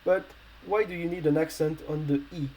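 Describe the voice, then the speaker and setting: A man teaching a language lesson in English that is not his first language, explaining slowly with many fillers and restarts. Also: a little high, fairly even intonation, darkish tone, low-quality recording.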